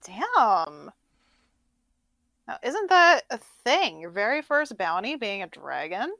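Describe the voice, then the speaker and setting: A woman's voice: fairly high pitch, sing-song, slow, pushed and bright, no echo, heavily acted. Woman voicing a cocky scruffy adventurer gal, mocking, dry close sound. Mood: skeptical. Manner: mocking, playfully skeptical. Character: brash grimy female adventurer, teasing. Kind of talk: tabletop role-play in character.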